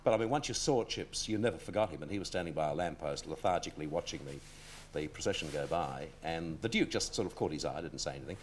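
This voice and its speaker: A man's voice: a bass voice, lively intonation, fast, slight background noise. An Australian man hosting a television talk show, chatting and telling anecdotes with his guest. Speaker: TV variety show host.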